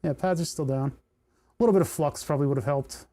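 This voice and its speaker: Mellow-voiced man soldering on a livestream. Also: on the high side, a little fast. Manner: thinks aloud and talks to the parts he works on. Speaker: electronics livestreamer. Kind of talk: casual livestream commentary while soldering.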